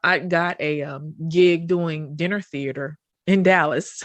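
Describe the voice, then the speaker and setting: Animated woman telling a story. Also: lowish voice, unhurried, hardly any pauses, dry recording. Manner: animated storytelling with voiced quotes. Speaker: podcast host. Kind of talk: casual chat.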